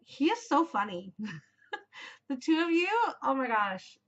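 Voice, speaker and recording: A woman in her forties chats away on her knitting podcast. She gushes and rambles with plenty of fillers, in a slightly high voice. The recording sounds dull and lo-fi. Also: big pitch swings, a little slow, a bit bright. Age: 40s. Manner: gushing, chatty, rambling with many fillers. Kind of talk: casual chat.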